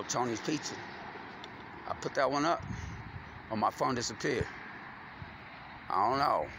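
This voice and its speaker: Man, gravelly, slangy rambler with cursing, recorded outdoors over loud traffic noise. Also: medium pitch. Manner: loose, slangy, stream-of-consciousness talk with cursing. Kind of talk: rambling monologue to camera. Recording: loud street noise with passing vehicles.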